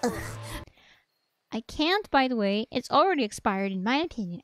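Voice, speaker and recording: A woman streamer chatting casually during a game stream, rambling and quick to laugh. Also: a little high, very animated, a bit bright, dry recording. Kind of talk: casual gaming livestream chat. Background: background music.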